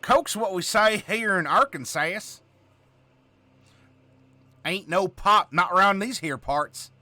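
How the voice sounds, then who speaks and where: A man's voice: sits high, expressive, slow, pushed and bright, dry recording, voice pushed up, heavily acted. A man putting on a folksy Southern country man with a broad, exaggerated drawl, hollering and drawing out his words.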